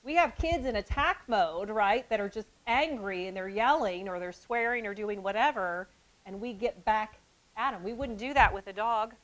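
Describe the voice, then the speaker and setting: A woman presenting a training session on childhood trauma to school staff, talking in a lively way that drops to soft, calm tones. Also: mid-range voice, normal speed, low-quality recording. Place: event hall with an audience.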